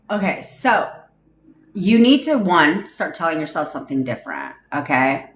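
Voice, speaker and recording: A woman's voice: deep voice, slight background noise. Woman coach going off on a live, blunt, swears a lot, talks into her phone, echoey room. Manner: blunt, profane, emphatic. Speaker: manifestation coach. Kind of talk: livestream rant. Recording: roomy echo.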